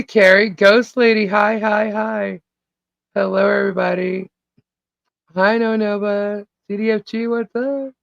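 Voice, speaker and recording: A woman hosting a live stream, casually greeting chat viewers by name, her voice a little hoarse and laughing often. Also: medium pitch, fairly bright tone, dry recording. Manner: chatty, laughs often, reads out viewer names. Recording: dull lo-fi stream audio.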